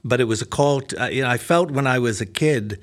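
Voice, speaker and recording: A man's voice: medium pitch, fast talker. An older man from Northern Ireland, his accent blended with American, chatting easily as an interview guest and laughing at his own jokes. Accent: Northern Irish mixed with American. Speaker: pastor and guest. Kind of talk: casual interview conversation.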